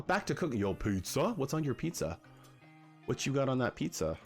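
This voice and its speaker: A man hosting a casual livestream, chatting with his viewers. His talk is animated, jumping between greetings and rants. Faint music plays underneath. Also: mid-range voice, a little fast. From Canada. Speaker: livestream host.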